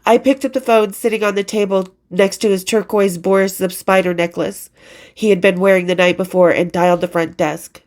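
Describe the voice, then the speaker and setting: A middle-aged woman reading her own memoir aloud, candid and expressive, with casual asides and blunt swearing. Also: medium pitch, normal speed.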